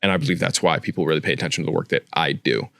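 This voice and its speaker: A man's voice: a bass voice, rapid-fire, creaky, fairly bright tone, dry recording. A man co-hosting a casual podcast, talking bluntly and cursing a lot. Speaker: podcast co-host, tattoo artist. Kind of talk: casual chat.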